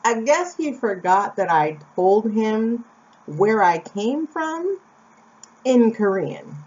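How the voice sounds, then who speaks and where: A woman's voice: fairly high pitch, big pitch swings, slow, a little mellow. A young American woman from Phoenix, telling a personal story in a chatty, casual way with asides to the viewer. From Phoenix, Arizona, USA. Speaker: vlogger. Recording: slightly dull lo-fi recording.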